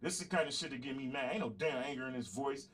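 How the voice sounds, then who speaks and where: A man's voice: mid-range voice, animated, quick pace, a bit bright, breathy edge. A man hosting a livestreamed podcast, giving heated, profane commentary straight to his chat. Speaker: podcast host.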